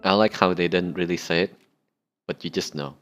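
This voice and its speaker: A man with a deep voice gives excitable, joking commentary while he plays a game. He laughs often and gets loud in his outbursts. Faint music plays behind him. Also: fairly quick. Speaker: gaming YouTuber. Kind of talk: let's play commentary.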